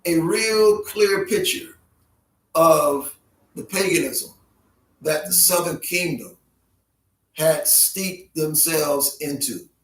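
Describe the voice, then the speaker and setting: A man teaching a Bible history lesson in an unhurried way, often repeating names in their alternate pronunciations. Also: on the high side, slight background noise. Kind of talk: classroom Bible history lecture. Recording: roomy sound from a distant mic.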